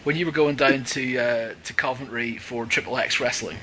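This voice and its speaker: A man's voice: medium pitch, bright, forceful tone, slight background noise, poor audio. A man hosting a podcast, asking easygoing questions with some stops and restarts. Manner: easygoing, a bit halting questions. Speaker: podcast host. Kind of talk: casual podcast interview.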